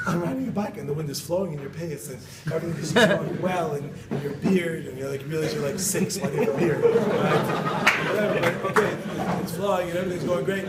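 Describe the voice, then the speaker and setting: Brief: animated male rabbi, story-driven sermon, distant mic, roomy echo. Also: a little high. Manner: animated, acts out quoted voices, laughs often. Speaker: rabbi giving a talk. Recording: echoey room, distant mic, loud background noise.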